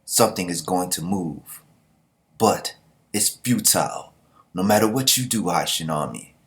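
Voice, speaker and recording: A man voicing a calm, menacing male enemy general with a slow, measured delivery. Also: low-pitched. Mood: cold, dismissive.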